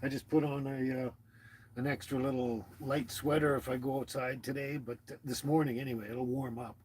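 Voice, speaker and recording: A man's voice: medium pitch, little pitch movement, a little fast, background noise. A man hosting a casual livestream, rambling and chuckling as he greets viewers by name and talks to his dog. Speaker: livestream host.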